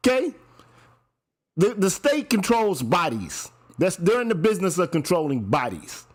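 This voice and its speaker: A man's voice: high-pitched, sing-song, a little slow, long pauses, breathy edge. A man hosting a casual commentary chat, talking in a profane, emphatic way and often repeating himself. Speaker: podcast host.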